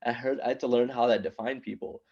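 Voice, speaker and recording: A man in his thirties, an immigrant raised in New York City, telling a stand-up comedy story with punchy, animated delivery and quick asides to the crowd. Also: medium pitch, highs cut off. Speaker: stand-up comedian at open mic.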